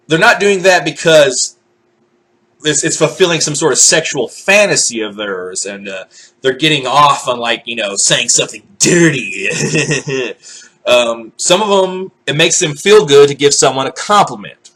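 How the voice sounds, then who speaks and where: This vlogger's voice is on the high side and slightly rough, moving at a normal speed. He rants loosely to camera, swearing without restraint, full of animation, and acting out the voices of those he quotes.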